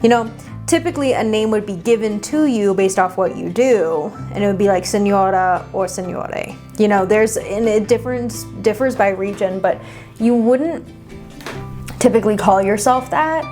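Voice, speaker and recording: A woman talking straight to her viewers in a loose reaction vlog, mid-pitched and animated, with teasing asides and the odd swear word. Soft music runs faintly behind her. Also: moderate pace. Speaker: witchcraft content creator. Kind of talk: casual reaction commentary.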